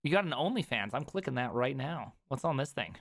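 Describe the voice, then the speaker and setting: A man's voice: mid-range voice, big pitch swings, creaky, background noise. A man from South Dakota hosting a casual chat, teasing his guest and laughing often. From South Dakota, US Midwest. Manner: joking, quick laughs, teasing. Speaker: podcast host.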